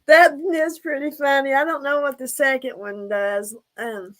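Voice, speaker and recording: Hoarse giggly woman host. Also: high voice, fairly even intonation, normal speed, fairly bright tone, slight background noise. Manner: giggly, scattered, chatty. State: hoarse from laughing. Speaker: livestream host. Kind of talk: casual live-stream chat. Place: room at home.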